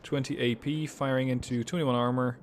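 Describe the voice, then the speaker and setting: A man co-hosting a game replay, giving steady analytical play-by-play. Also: medium pitch, brisk, a little hiss or hum. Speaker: co-host. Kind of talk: casual replay commentary.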